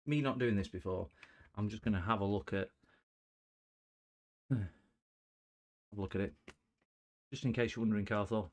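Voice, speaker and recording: Guy live streaming a repair, lowish voice, chatty and jokey with chat. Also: fairly even intonation, brisk, pauses often. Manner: chatty, joking with chat viewers, punny. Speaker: livestream host repairing electronics.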